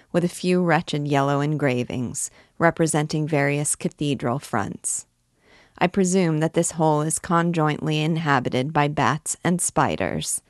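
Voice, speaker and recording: A woman reading a classic novel aloud as host of a reading series, calm and deliberate. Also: deep voice, no echo, studio quality. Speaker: audiobook host and reader. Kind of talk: measured literary narration.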